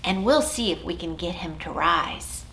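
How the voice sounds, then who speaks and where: A woman children's librarian leading a storytime for young children, talking in an expressive, sing-song way. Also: lowish voice, a little hiss or hum. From United States. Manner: sing-song, expressive, slow and clear for toddlers. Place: library or home room.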